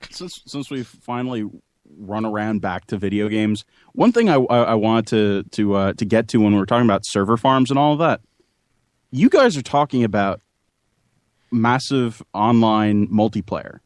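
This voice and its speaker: A man co-hosting a casual podcast chat, talking haltingly with many fillers and restarts. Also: fairly low pitch, lively intonation. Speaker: podcast co-host.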